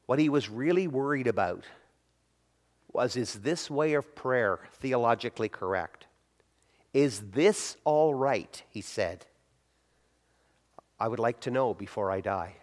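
A man's voice: mid-range voice, lively intonation, measured pace, long pauses. Man preaching in a conversational sermon. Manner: conversational preaching with acted-out quotes. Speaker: pastor.

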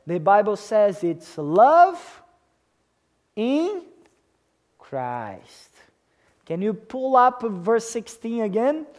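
Speaking slowly with big swings in pitch, this male pastor has a high voice and delivers an emphatic sermon. He frequently pauses to ask his congregation questions and make sure they're with him.

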